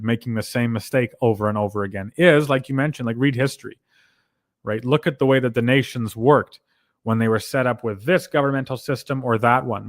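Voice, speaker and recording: A man's voice: medium pitch, no room sound. Canadian man lecturing in a dry room. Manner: lecturing, explains with examples, ends points with "right?". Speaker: podcast host. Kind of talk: casual conversational commentary.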